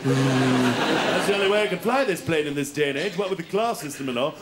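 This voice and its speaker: A man's voice: fairly high pitch, animated, a little fast, close to an everyday voice. Posh ww2 pilot on the intercom, clipped and plummy, a guy hamming it up, noisy live room. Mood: pompous. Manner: plummy, clipped radio-call delivery. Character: posh upper-class male wartime bomber pilot.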